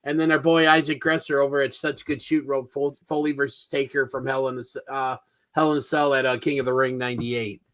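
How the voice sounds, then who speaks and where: A man co-hosting a casual podcast, reading out listener answers in a relaxed, halting way with many fillers. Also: medium pitch. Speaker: podcast co-host.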